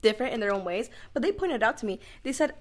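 Woman, casual podcast co-host, quick talker, higher voice, lots of "like". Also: very animated. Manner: chatty, swears a lot, fills with "like". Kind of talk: casual chat.

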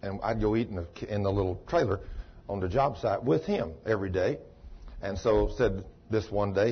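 A man's voice: on the low side, slightly rough. A man, a pastor preaching a sermon in a folksy way, exclaiming and acting out the dialogue of a story he retells. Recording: muffled lo-fi sermon tape.

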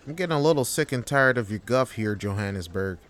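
A man's voice: mid-range voice, lively intonation, fast talker, fairly bright tone, lightly acted. A man voicing a demanding, condescending male office manager who belittles his worker. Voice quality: pushy and belittling, keeps getting the worker's name wrong.

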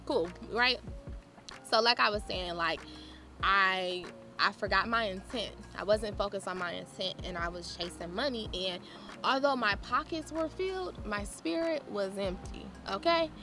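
A woman giving a candid, animated personal testimony, often laughing as she talks. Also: mid-range voice, measured pace, music in the background.

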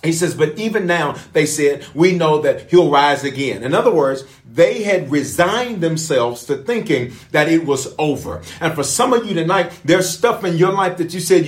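A man's voice: a little high, animated, normal speed, hardly any pauses. A man pastor leading a livestreamed prayer sermon, preaching fervently with repeated declarations and calling viewers to type responses.

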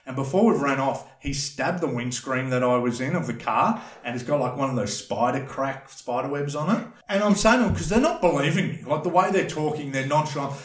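A man telling a rambling, animated story in casual chat, swearing freely. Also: medium pitch, a little fast, few pauses, echoey room. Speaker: podcast guest telling a story.

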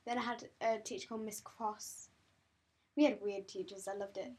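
A woman's voice: medium pitch, normal speed, breathy edge. A young woman, chatting casually as a co-host and telling stories, acting out the people in them. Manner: animated storyteller, acts out quoted people. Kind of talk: casual chat.

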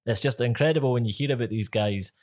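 A Scottish man hosting a casual faith podcast chat, animated and quick to laugh. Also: medium pitch. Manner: animated, laughs easily, leads the talk. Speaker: podcast host.

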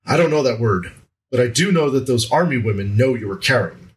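A man's voice: medium pitch, expressive, a little fast, natural voice, poor audio. A man reading as a stern, curt gunslinger. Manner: curt, commanding. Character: stern older gunslinger man speaking telepathically.

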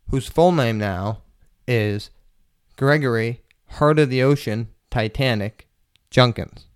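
A man's voice: medium pitch, smooth, no room sound, clean studio sound. A young man hosting his own podcast, telling loose, profane, jokey stories in a casual rambling monologue. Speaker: podcast host.

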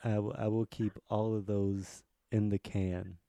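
Gravelly low-voiced man hosting a podcast. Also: flat delivery, a little slow, mellow, no room sound. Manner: rambling joke-telling with many restarts. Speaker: podcast host. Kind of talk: casual comedy podcast chat.

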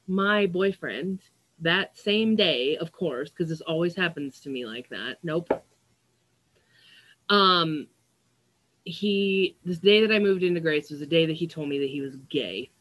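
A woman's voice: low-pitched, lively intonation, a little slow, a bit bright. A young adult woman talking in a casual diary-style vlog monologue, rambling with lots of "like" and "um". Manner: rambling, with frequent "like" and "um" fillers. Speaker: vlogger.

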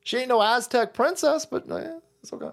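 A man's voice: very high-pitched, lively intonation, fairly quick, creaky. A man hosting a livestream, ranting in a casual, profane and sarcastic way and laughing often. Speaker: livestream host. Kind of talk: casual political rant.

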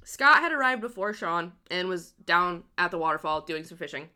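A woman's voice: lowish voice, expressive, moderate pace, bright, forceful tone. A woman casually telling a true crime story, swearing freely and laughing often.

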